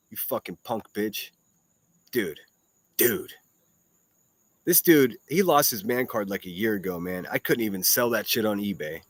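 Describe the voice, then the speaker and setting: A man's voice: on the low side, lively intonation, a little slow, dry recording. A man hosting a solo livestream podcast, ranting and hurling mocking, profane insults at critics. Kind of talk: ranting commentary reacting to clips.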